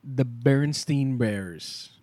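A man's voice: mid-range voice, slow, dark tone, dry recording. A man co-hosting a casual chat, teasing the others in a dry way. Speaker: podcast co-host.

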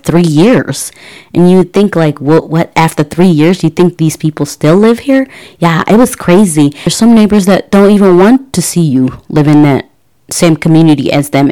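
A woman in her thirties, a podcast host, tells her audience a personal story in a casual, chatty manner packed with fillers and restarts. Her voice is lowish and warm.

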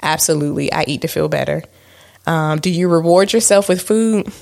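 Candid chatty woman with a gravelly edge. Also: low-pitched, a little fast, a little mellow. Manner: candid, self-deprecating, chatty with fillers. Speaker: podcast co-host. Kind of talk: casual chat.

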